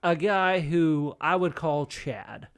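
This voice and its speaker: A man telling an animated story in casual chat, acting out the voices and laughing at himself. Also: on the high side, takes it slowly, clear, resonant tone.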